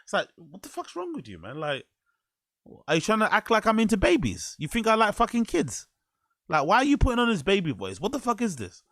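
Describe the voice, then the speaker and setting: A man's voice: high voice, huge pitch swings, fairly quick, a bit bright, no room sound, clean studio sound. A man hosting a reaction show, talking in a crude, rambling way and laughing easily. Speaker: host. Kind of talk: reaction commentary.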